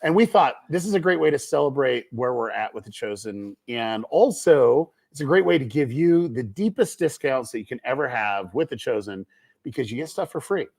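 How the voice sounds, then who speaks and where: Man, middle-aged, livestream host, playful, rambling, gravelly voice. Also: mid-range voice, expressive, normal speed, darkish tone. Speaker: show co-founder and livestream host. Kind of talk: casual livestream chat. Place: on a film set.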